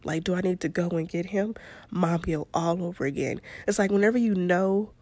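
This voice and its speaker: A woman's voice: lowish voice, normal speed, a little mellow, dry recording. A woman, hosting a podcast and telling a story in a chatty way, laughing often. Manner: chatty, laughs often, Southern-style "y'all". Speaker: podcast host. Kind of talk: casual storytelling monologue.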